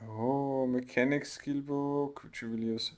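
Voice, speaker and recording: A man's voice: mid-range voice, fairly even intonation, a little slow, slight background noise. Dry-voiced man narrating a game. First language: German. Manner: reads dialogue choices aloud, dry remarks. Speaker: let's play host. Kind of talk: casual gameplay commentary.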